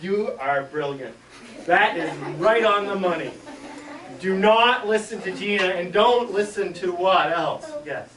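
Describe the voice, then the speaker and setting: A man, a school superintendent, telling a childhood story to schoolchildren and acting out the yelps and shouts. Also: high-pitched, measured pace, a crowd in the background. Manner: animated, acts out yelps and shouts. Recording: echoey room, mic far off.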